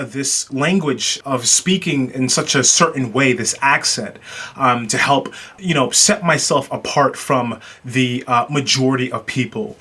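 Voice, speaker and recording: An American man hosting a solo podcast, speaking casually with frequent filler pauses and hesitations. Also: mid-range voice, bright, forceful tone. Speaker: podcast host.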